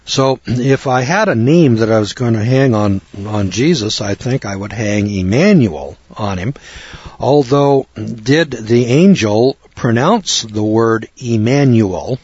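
A man's voice: mid-range voice, expressive, slow pace, a little mellow, breathy edge, no echo, dull audio. An older American man giving informal, rambling Bible teaching in a folksy manner with frequent restarts. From United States.

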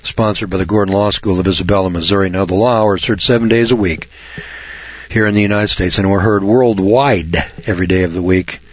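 Man, radio host, folksy and blunt, husky voice, dull lo-fi sound. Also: sits low, fairly even intonation, brisk, dry recording. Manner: folksy, blunt, frequent throat clearing. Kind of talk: radio talk monologue.

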